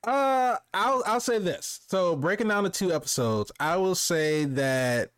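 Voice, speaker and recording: A man's voice: high voice, animated, unhurried, fairly bright tone, clean tone, no room sound. A man co-hosting a casual TV review chat, easygoing, recapping the plot with plenty of fillers. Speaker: podcast co-host.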